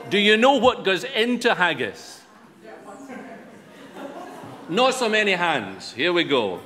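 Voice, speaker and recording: A man's voice: sits high, big pitch swings, takes it slowly, pauses often, pushed and bright. A Scottish man giving a humorous after-dinner speech to a live audience, self-deprecating and wry, on a microphone in a large event hall. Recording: reverberant hall with light background noise.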